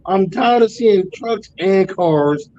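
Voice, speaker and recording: A man in his forties, a truck driver guest, telling road stories in a profane, animated casual way. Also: high-pitched, slow pace, dull audio. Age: 40s. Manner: profane, animated storytelling with loud acted outbursts. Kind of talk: casual storytelling chat.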